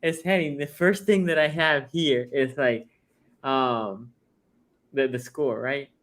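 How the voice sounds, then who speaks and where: A man's voice: mid-range voice, steady tone, slow pace, a bit bright, a little hiss or hum. A man hosting a casual sports podcast, chatty and often tagging his points with "right?". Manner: chatty, peppers talk with "right?". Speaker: podcast host.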